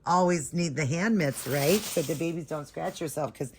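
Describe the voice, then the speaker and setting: A woman's voice: low-pitched, moderate pace, slight background noise. A woman chatting through a casual unboxing vlog at home, gushing and sentimental and close to tears. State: emotional, holding back tears. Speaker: vlogger unboxing a reborn doll. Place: home doll nursery room.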